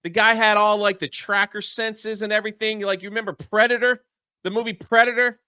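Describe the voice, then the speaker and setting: A man's voice: high voice, little pitch movement, brisk, bright, forceful tone, clean tone, dry recording. A man co-hosting a casual commentary chat, ranting in an exasperated way. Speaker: co-host.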